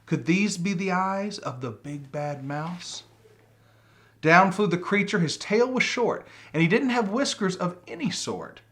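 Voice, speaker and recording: A man reading a rhyming picture book aloud with a rhythmic, expressive delivery. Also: high-pitched, unhurried. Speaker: storybook reader.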